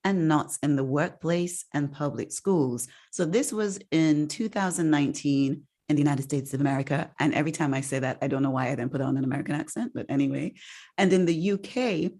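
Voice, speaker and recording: A woman hosting a casual podcast, chatty and expressive, laughing often between points. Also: low-pitched, a little fast. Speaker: podcast host.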